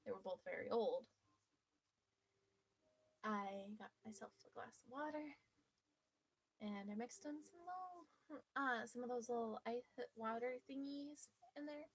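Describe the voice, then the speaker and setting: A woman telling a personal story to her viewers in a lively, playful, mischievous way. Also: on the high side, measured pace, long pauses, breathy edge, low-quality recording. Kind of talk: casual storytelling.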